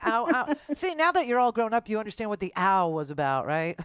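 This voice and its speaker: A woman's voice: medium pitch, sing-song, a little fast, clear, resonant tone, dry recording. Dry-voiced older woman radio host. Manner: rambling, self-deprecating, laughs often. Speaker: radio talk show host. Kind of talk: emotional farewell show chat with callers.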